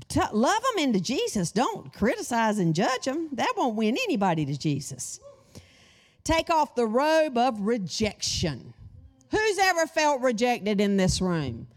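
A middle-aged woman delivers a sermon to a congregation, talking slowly and deliberately. Her fairly high voice swings widely as she poses questions and invites responses. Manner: animated, addresses the congregation with questions and call-and-response. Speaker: women's Bible study teacher.

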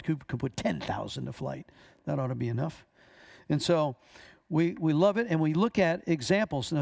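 A middle-aged man teaching a class on deliverance ministry, telling animated stories and acting out the voices in them. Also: fairly high pitch, vocal fry. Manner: animated storyteller, acts out voices in his stories.

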